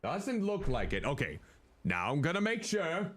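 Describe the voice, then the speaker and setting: A man's voice: a little high, wildly swooping pitch, moderate pace, a bit bright. A male streamer giving chatty, casual commentary while playing a game and thinking aloud.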